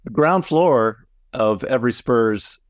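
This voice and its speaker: A man's voice: medium pitch, animated, slow, no room sound, clean studio sound. A man co-hosting a casual podcast as a sports columnist, joking wryly and laughing as he talks. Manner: joking, wry, laughs while talking.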